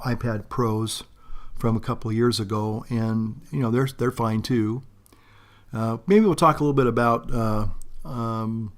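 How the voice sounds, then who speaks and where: A man talking in a casual, rambling unboxing vlog, chatty and full of restarts. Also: medium pitch. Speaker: vlogger.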